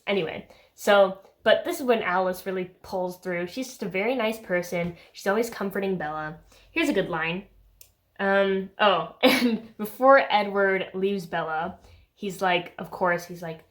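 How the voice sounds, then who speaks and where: A woman's voice: medium pitch, moderate pace. A young woman vlogging about a book she read, chatty and sarcastic, full of filler words. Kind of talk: casual chat.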